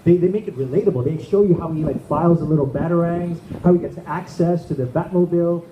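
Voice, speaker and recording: An amateur comedian performs stand-up before a live audience at an event, talking quickly in a fairly high voice and chatting with the crowd. The room echoes, there's background noise, and the highs are cut off.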